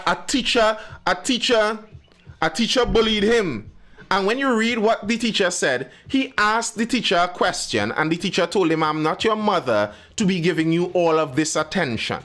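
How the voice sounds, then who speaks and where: A man's voice: sits high, animated, normal speed, a bit bright. Emphatic man hosting live. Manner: emphatic, talks to chat by name. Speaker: live show host. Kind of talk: live stream commentary.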